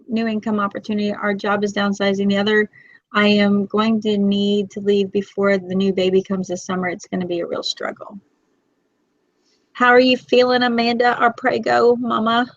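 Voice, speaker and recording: A woman in her forties hosting a casual live chat, talkative and emotional, quick to tear up. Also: medium pitch, fairly bright tone, dry recording. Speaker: host. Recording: dull, lo-fi, dry.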